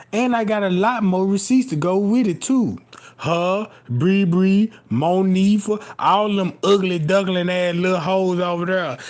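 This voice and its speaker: A young man telling a crude, rambling comic story, laughing at his own jokes and constantly checking whether the listener follows him. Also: high voice. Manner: profane, rambling, keeps asking "you know what I'm talking about".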